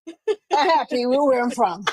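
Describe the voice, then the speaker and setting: A woman's voice: high voice, expressive, a little slow, background noise. A woman guest on a live talk show, good-humored and laughing as she talks. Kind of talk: casual discussion.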